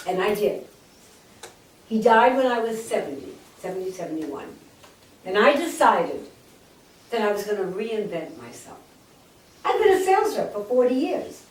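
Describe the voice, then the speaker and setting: A woman in her eighties telling her life story to a live audience, lively and jokey, acting out quotes. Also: a little high, moderate pace. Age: 80s. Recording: echoey room, distant mic.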